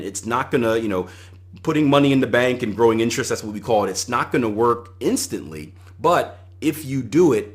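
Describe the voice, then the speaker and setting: A middle-aged man hosting a solo podcast, giving conversational coaching advice and retelling anecdotes with animation. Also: lowish voice. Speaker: podcast host and trading coach.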